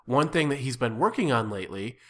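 A man's voice: mid-range voice, lively intonation, fairly quick, fairly bright tone. A man, an improv performer and workshop teacher, giving earnest advice in casual podcast chat with many restarts. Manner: earnest, advising, with frequent restarts.

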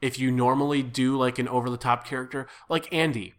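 A man's voice: medium pitch, steady tone, brisk. Earnest man coaching on improv. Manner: earnest, advising, with frequent restarts. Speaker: improv performer and workshop teacher. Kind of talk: casual podcast chat.

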